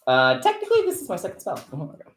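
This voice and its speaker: A woman hosting a casual chat during a card game, talking in a rambling, animated way. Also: lowish voice, rapid-fire. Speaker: host. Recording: echoey room, faint noise, card clicks.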